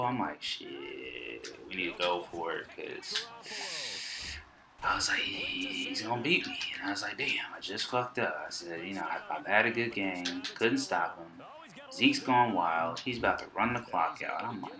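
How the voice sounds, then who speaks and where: A Texan man with a very low voice talks over his football video game, relaxed and full of slang and trash talk. The sound is roomy, with a loud stadium crowd from the game running behind him. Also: moderate pace. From Texas. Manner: laid-back, slangy, trash-talking. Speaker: gaming YouTuber. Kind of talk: casual game commentary.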